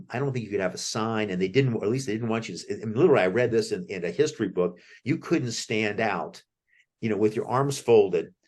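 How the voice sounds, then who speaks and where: An American man as the author guest in an interview, telling rambling anecdotes with many restarts. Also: on the low side. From United States. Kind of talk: conversational interview.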